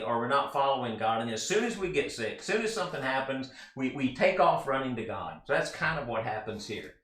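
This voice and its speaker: A man's voice: mid-range voice, fairly bright tone. Chatty man teaching Bible study, echoey room. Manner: earnest, chatty, quick asides to listeners. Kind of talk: conversational Bible study lesson.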